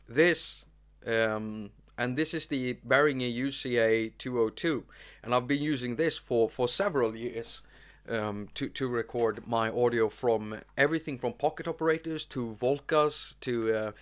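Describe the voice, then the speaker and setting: A man's voice: medium pitch, clean tone. A man hosting a casual live stream, rambling with many fillers and restarts as he talks about his gear. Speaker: host.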